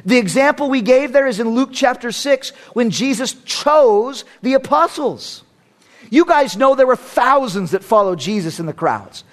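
A man's voice: extremely high pitch, lively intonation, moderate pace. A man preaching a sermon as a pastor, emphatic and fond of repeating phrases for effect.

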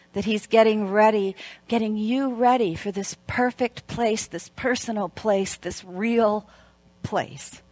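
A middle-aged woman preaching at a women's event, shifting between hushed, slow emphasis and lively, loud storytelling. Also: a little high, no echo. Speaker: speaker at a women's Christmas event. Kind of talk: sermon.

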